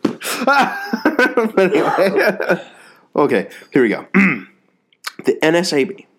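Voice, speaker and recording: A man's voice: medium pitch, sing-song, normal speed. A man co-hosting a devotional podcast, chatting easily and reading Bible verses aloud. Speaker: podcast co-host reading scripture. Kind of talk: casual podcast chat and scripture reading.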